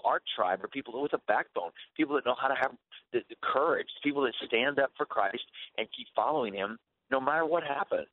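A man speaking as a guest on a Christian radio talk show, earnest and preachy, often repeating words as he restarts. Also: mid-range voice. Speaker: guest author on Christian faith. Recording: narrow phone-like radio sound.

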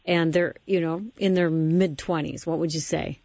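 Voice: mid-range voice, fairly even intonation, moderate pace, gravelly, a little mellow, no room sound. A host asking questions and affirming answers in a conversational interview. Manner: responsive, affirming. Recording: dull lo-fi audio.

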